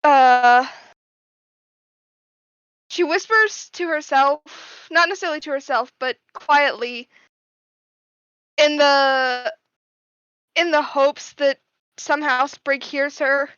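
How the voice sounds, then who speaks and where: A woman player describing her character's actions, slow and hesitant. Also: high voice, a bit bright, dry recording, dull audio.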